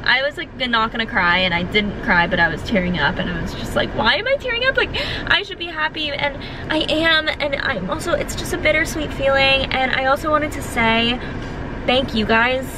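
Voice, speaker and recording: A woman in her twenties vlogs casually and earnestly in a high voice at a moderate pace, filling her speech with filler words. She sounds emotional and close to tears, with noise in the background.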